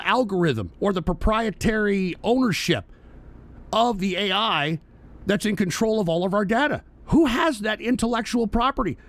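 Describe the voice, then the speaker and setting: Fired up talk radio guy cussing a lot, lively up and down voice, dry close sound. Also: sits high, no echo. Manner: profane, heated and emphatic. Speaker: host. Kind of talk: political talk radio rant.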